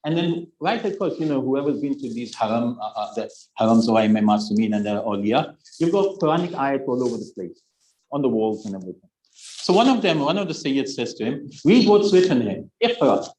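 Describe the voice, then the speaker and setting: A man's voice: mid-range voice, animated, a little fast, darkish tone, slight background noise. Man in his sixties preaching in an echoey room. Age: 60s. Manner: storytelling, acts out dialogue; joking asides to the audience. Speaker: religious speaker. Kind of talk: Muharram sermon with storytelling.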